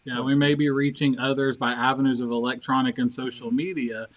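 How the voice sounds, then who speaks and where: Casting note: man reading viewer comments on a church stream, plain and steady, dry close sound. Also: mid-range voice, fairly quick, no room sound, highs cut off.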